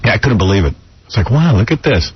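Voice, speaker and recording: A man hosting talk radio, chatting loosely and telling stories, acting out the people in them. His voice sits low but moves up and down a lot. It comes through a slightly muffled broadcast. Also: very animated, fast, husky. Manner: storytelling, quoting others in put-on voices. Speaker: radio show host. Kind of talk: casual talk radio banter.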